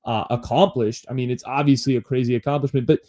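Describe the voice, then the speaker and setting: Guy rambling on his podcast, casual, mid pitch, lots of ums and asides. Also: steady tone, fast talker, dark tone. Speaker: podcast host. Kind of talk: casual solo podcast monologue.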